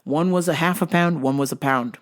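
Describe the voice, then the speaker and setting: A woman's voice: low voice, fairly quick. A woman hosting a show, telling work stories in a casual, exasperated, heavily profane way. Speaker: host. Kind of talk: casual comedic storytelling.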